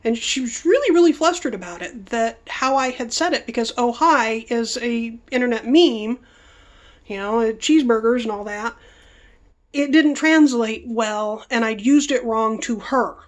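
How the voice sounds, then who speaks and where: A woman's voice: fairly high pitch, moderate pace. A woman vlogger telling stories in a rambling, chatty way, stopping herself mid-thought while she works with her hands. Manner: chatty, self-interrupting. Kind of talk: rambling casual storytelling.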